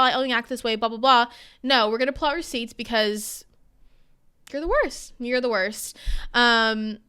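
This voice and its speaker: A woman's voice: on the high side, bright, forceful tone, clean tone. A young woman in her twenties co-hosting a podcast, ranting heatedly in casual chat with lots of fillers. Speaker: podcast co-host.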